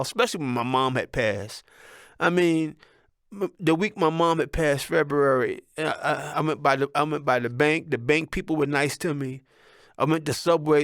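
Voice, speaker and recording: A man's voice: on the high side, fairly bright tone, dry recording, studio quality. A middle-aged man telling personal stories in a rambling, heartfelt way, often ending with "man". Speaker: son of a musician, telling life stories. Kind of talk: casual personal storytelling.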